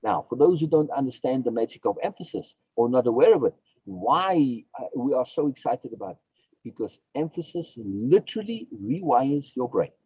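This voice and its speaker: A man's voice: medium pitch, expressive, brisk, slightly rough, no echo, dull audio. A man, a philosophy guest on a podcast, explaining his ideas emphatically, repeating key phrases and asking and answering his own questions.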